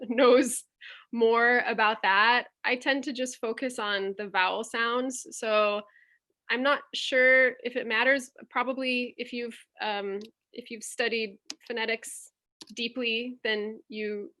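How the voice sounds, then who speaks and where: Slow, bright-voiced woman teaching online. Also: fairly high pitch, steady tone. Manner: patient, explains step by step, sounds out vowels slowly. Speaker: teacher presenting a workshop. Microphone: computer mic on a video call.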